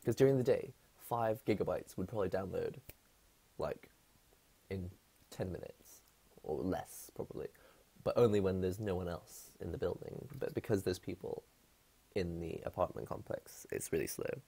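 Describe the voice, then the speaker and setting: Low husky guy rambling on his stream, laughs a lot, mellow gravelly tone. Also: normal speed. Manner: chatty, rambling, laughs often. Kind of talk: casual live-stream chat. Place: his apartment.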